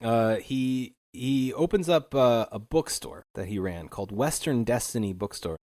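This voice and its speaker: A man's voice: medium pitch, expressive, moderate pace, mellow. Wry, chatty young man telling a story. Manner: casual and wry, with many fillers and chuckles. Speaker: podcast host narrating history. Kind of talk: casual chat.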